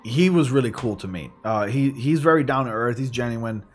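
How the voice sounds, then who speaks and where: A man's voice: medium pitch, expressive, normal speed, soft background music. Chatty, rambling male streamer. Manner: rambling, filler-heavy, chatty. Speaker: gaming livestream host. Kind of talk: casual chat while streaming. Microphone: studio condenser microphone.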